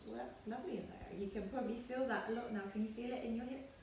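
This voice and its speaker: A woman in her thirties teaching yoga to children, giving gentle, playful, encouraging instructions. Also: fairly high pitch, fast talker. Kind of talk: guiding a kids' yoga class. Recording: echoey room, distant mic, faint noise.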